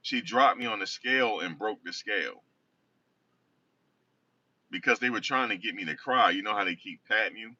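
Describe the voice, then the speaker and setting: A man's voice: on the low side, normal speed, long pauses, bright, forceful tone, slightly rough. A man casually telling a rambling personal story, often correcting himself. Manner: rambling, self-correcting, conversational. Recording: distant dull lo-fi recording.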